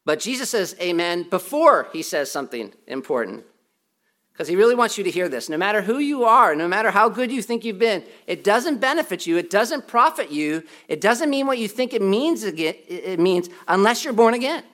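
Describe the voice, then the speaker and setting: A man's voice: high-pitched, big pitch swings, normal speed, a bit bright. A man preaching a sermon as pastor, emphatic and repetitive, with self-deprecating humor. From United States.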